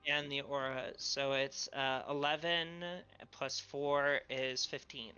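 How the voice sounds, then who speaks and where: A tabletop player describes a character's moves in a chatty, halting way. The voice is bright and smooth. The stream audio sounds dull and lo-fi. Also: medium pitch, flat delivery, faint music behind.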